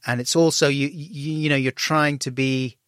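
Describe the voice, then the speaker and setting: A middle-aged man telling a candid story as an interview guest, self-deprecating, and animated when he acts out dialogue. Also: fairly high pitch, moderate pace, no echo, clean studio sound.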